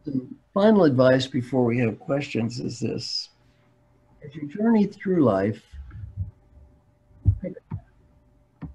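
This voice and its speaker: A man's voice: medium pitch, sing-song, a little slow, warm tone, husky. An older man speaking as a coach in a webinar, telling stories in a plain, repetitive way. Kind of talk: webinar talk. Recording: dull webinar audio.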